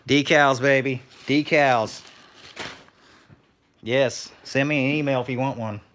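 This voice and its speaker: A man's voice: mid-range voice, fairly even intonation, slow pace, a bit bright, a little hiss or hum. A man casually chatting on a live stream, telling laid-back stories and thanking viewers in chat. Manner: laid-back storyteller, reads chat aloud. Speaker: scrapper streamer.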